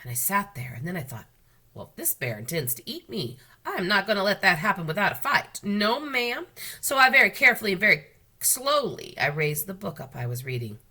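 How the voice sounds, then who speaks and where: A woman's voice: mid-range voice, sing-song, brisk, bright, forceful tone, pitched above the performer's own voice. A woman voicing a genteel elderly woman librarian who tells stories proudly, drawling and repeating polite phrases for emphasis. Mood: dramatic.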